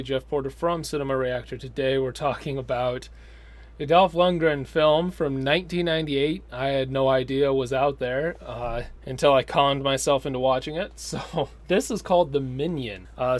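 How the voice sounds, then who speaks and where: A man giving a casual, sardonic film review, rambling with frequent fillers. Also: mid-range voice.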